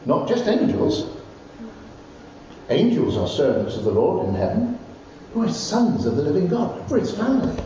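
A man preaching a sermon, telling Bible stories with animated, rising exclamations. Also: on the high side, measured pace. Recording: distant, roomy, dull recording with faint noise.

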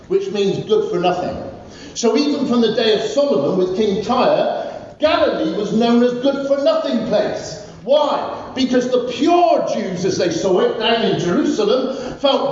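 A man's voice: sits high, animated, measured pace, darkish tone, a little hiss or hum. A male pastor preaching a fervent, repetitive sermon in a church. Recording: echoey church hall from far off, dull.

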